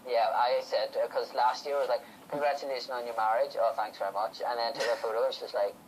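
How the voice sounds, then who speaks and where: A man from the UK chats casually as a podcast host, rambling through stories and slipping into other people's voices as he quotes them. His pitch sits in a middle register, with a faint hiss of noise under the recording. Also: fairly even intonation, fast talker, low-quality recording. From United Kingdom. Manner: chatty storyteller, acts out quotes. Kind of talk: casual chat.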